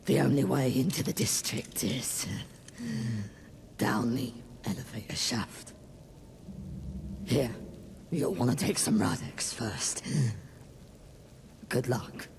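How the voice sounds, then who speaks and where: An actor playing a weary male leader of a fish-like river people, speaking in slow, hesitant pleas in video game dialogue. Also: medium pitch, expressive, vocal fry, slight background noise. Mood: pleading.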